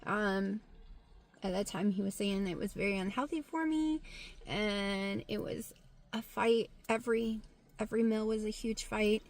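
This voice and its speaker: A woman with a Southern American accent, talking frankly to camera in a casual vlog, getting loud and animated when excited. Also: mid-range voice, unhurried. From Southern United States. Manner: frank and blunt, swears freely. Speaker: vlogger.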